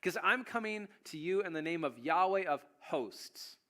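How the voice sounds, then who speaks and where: A man's voice: high voice, animated, moderate pace, pushed and bright. A man voicing a bold young male shepherd who talks confident smack to a giant.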